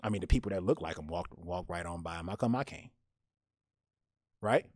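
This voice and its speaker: A man's voice: sits low, brisk, darkish tone, no room sound, studio quality. A man co-hosting a podcast, telling a story animatedly with lots of restarts. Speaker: podcast co-host. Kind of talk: casual podcast chat and storytelling.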